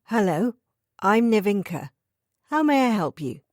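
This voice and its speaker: A woman voicing a stout, polite middle-aged housekeeper with an Estuary London accent, speaking in a flat, courteous way. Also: mid-range voice, a little slow, dry recording, clean studio sound.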